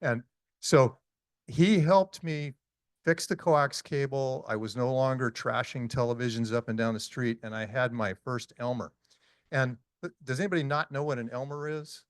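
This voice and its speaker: A man's voice: medium pitch, moderate pace, dry recording, clean studio sound. A man in his sixties giving a casual, story-driven presentation to an audience, with frequent ums and uhs. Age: 60s. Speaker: conference speaker. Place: meeting hall talk.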